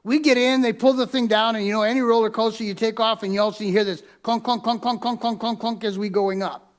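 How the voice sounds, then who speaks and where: High-voiced male pastor preaching. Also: fairly even intonation, brisk. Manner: repeats key lines for emphasis; tells listeners to mark their notes. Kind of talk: sermon with personal story. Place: church sanctuary.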